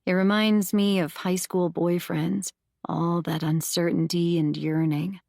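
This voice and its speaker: A woman narrating a first-person thriller audiobook in a measured, intimate way, close to the mic. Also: fairly low pitch, little pitch movement, vocal fry, a little mellow, no room sound.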